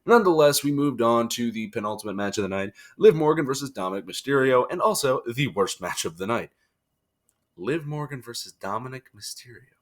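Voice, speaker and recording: A man's voice: mid-range voice, expressive, fast talker, few pauses. A tired young man giving a casual, joking wrestling review and acting out quotes in silly voices. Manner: chatty, jokey, acts out quotes in funny voices.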